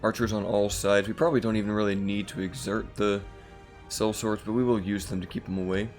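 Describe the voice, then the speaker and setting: A man with a slightly rough morning voice, casually commenting on a strategy game as the channel host, relaxed and rambling with fillers. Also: on the low side, fairly quick, soft background music.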